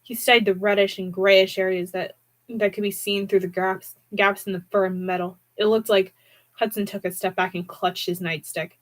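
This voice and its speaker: A woman's voice: level tone, normal speed, poor audio. Woman reading horror aloud dramatically. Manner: dramatic with wide pitch swings, occasional restarts. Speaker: audiobook reader. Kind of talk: horror novel read aloud.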